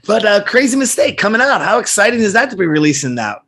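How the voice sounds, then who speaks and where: A man's voice: high-pitched, big pitch swings, quick pace, bright, forceful tone. An American man hosting an interview over a video call, asking upbeat, friendly questions. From United States. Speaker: interview host. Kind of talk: casual interview. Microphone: computer mic over a video call.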